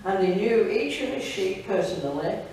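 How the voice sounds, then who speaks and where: A woman's voice: mid-range voice, expressive, normal speed, darkish tone, slight background noise, lightly acted. A woman reading the lines of an earnest male minister patiently explaining things to schoolchildren. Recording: very echoey hall, distant mic.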